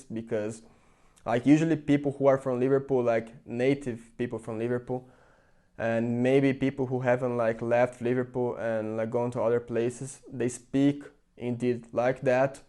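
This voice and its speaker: Brazilian man, smooth clear voice. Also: mid-range voice, a little mellow. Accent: Brazilian Portuguese. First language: Portuguese. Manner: earnest, chatty, many "like" fillers. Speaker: vlogger. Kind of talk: casual opinion talk to camera.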